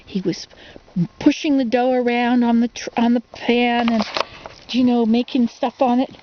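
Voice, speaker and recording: A woman's voice: fairly high pitch, fairly even intonation, normal speed, muffled recording, noisy background. A woman casually reading a children's storybook for ASMR, rambling into asides and asking the listener questions.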